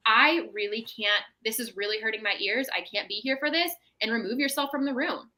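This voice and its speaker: Bright-voiced woman giving parenting advice. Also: fairly high pitch, a little fast, low-quality recording. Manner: explanatory, tags statements with "right?". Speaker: mental health professional guest. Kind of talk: casual advice chat.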